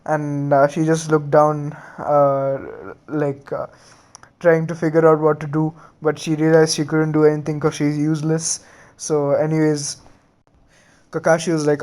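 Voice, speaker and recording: Halting man retelling a fan story. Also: on the high side, monotone, a little mellow, smooth. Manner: halting, many fillers and restarts.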